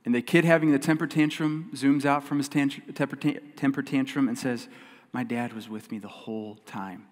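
A man preaching a sermon as pastor, earnest and emphatic, swinging between loud stresses and quiet passages and repeating key phrases. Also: medium pitch, steady tone, normal speed. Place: church sanctuary. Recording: long church hall reverb.

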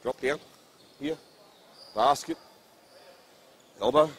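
A man's voice: medium pitch, slow, husky. A man coaching a basketball practice on an indoor court, barking short commands and then explaining drills at length.

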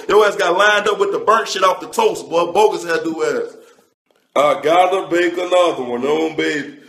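A man delivering a rapid-fire comedic roast, with profane, rhythmic insults and a punchline he keeps repeating. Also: high-pitched, fairly bright tone, roomy sound.

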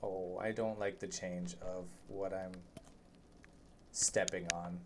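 A man's voice: low-pitched, flat delivery, slow pace, noisy background. A young man streaming a horror game, chatting nervously and jokingly with his viewers at a desk microphone in a home room. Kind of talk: live gameplay commentary.

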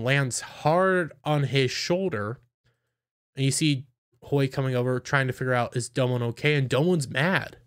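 Casual male anime reviewer, mid-pitched, rambling recap with acted-out character lines. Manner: rambling, filler-heavy, acts out characters' lines.

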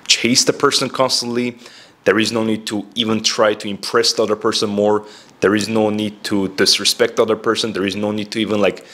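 A young man with a lowish voice talks straight to the camera in a relaxed advice vlog. He is direct and chatty and keeps dropping "like" and "bro" between points. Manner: direct, heavy use of "like" and "bro". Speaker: self-improvement vlogger.

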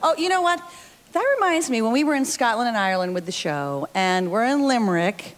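A woman's voice: fairly high pitch, animated, fairly quick, a little hiss or hum. A woman performing comic banter and telling jokes in a live radio stage show, playful and teasing, laughing often. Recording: live theater with long reverb.

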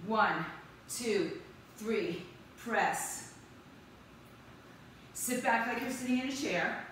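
Bright-voiced woman coaching a workout, echoey. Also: a little high. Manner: brisk counting cues and upbeat encouragement. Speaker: fitness instructor. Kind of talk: live workout class coaching. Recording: very echoey room, distant mic, faint noise.

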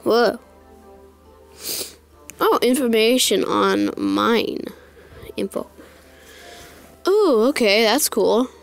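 A woman's voice: a little high, expressive, very slow, vocal fry, pauses often, faint music behind. A woman giving casual gameplay commentary, exasperated and repeating her complaints aloud.

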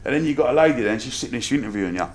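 A man in his thirties with a London accent, a podcast guest telling anecdotes in a lively, casual way. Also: mid-range voice, racing. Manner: lively anecdotes with acted-out quotes, frequent laughs. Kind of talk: casual storytelling.

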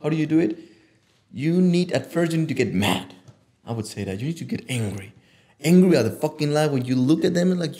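A man speaking as a guest on a podcast, talking passionately and swearing freely, getting loud and animated when he acts out what he tells himself. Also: on the high side, brisk. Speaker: podcast guest, image consultant. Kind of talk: casual conversation.

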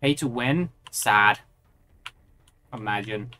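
A woman's voice: a bass voice, slow, sharp tone. A woman streaming a video game, reacting aloud and chatting with her viewers as she plays. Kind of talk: live gameplay commentary.

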